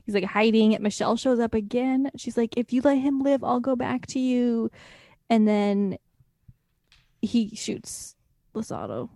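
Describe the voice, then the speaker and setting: A woman's voice: a little high, a little slow, mellow, no room sound, studio quality. A woman recapping a movie in casual chat, with wry asides and frequent laughter. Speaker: podcast co-host.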